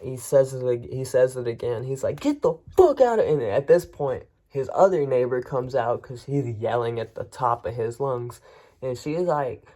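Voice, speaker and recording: A man's voice: medium pitch, steady tone, normal speed, warm tone. A man vlogger telling a personal story in a frank, rambling way with frequent restarts. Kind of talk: casual first-person storytelling.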